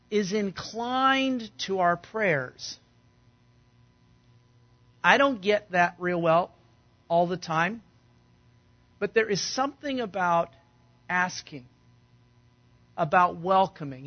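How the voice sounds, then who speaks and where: Male pastor, high gravelly voice, conversational sermon, slightly muffled recording. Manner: conversational, acts out quoted voices loudly.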